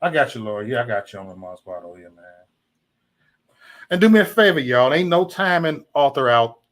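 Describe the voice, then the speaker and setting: Very animated and brisk, a man with a medium-pitched, fairly bright voice rants at his livestream chat. The casual tirade is hot-tempered, full of swearing, and repetitive.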